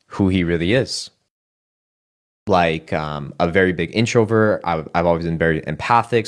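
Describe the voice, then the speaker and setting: A man with a very low voice tells his personal testimony in a casual, heartfelt way. He speaks earnestly and emotionally, often restarting and filling with "like".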